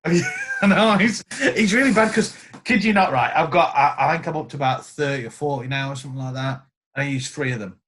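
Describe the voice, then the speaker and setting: A man's voice: fairly high pitch, a little fast. A man, a guest guitarist, telling stories in casual podcast chat and acting out the quotes. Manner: animated storyteller acting out quotes.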